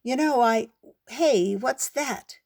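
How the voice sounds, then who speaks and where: A woman's voice: a little high, slow pace, vocal fry, a little mellow, pitched above the performer's own voice, exaggerated voice. Woman doing a chatty male fly, cheerful, dim, storybook, rambling. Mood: chirpy, rambling.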